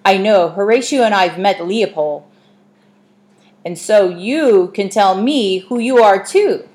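A woman's voice: medium pitch, slow pace, darkish tone, close to an everyday voice. A woman voicing a plucky young girl who speaks directly and sensibly. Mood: curious.

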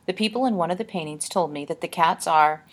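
A woman's voice: fairly low pitch, brisk, breathy edge. A woman reading aloud, voicing a frightened young girl who speaks in an anxious, breathless, hesitant way. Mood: scared, urgent.

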